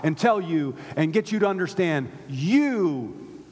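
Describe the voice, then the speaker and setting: A man preaching a sermon to his church, with call-and-response and swings from hushed to loud. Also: a little high, normal speed. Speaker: pastor. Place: synagogue hall used by a church. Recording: long reverb of a large hall.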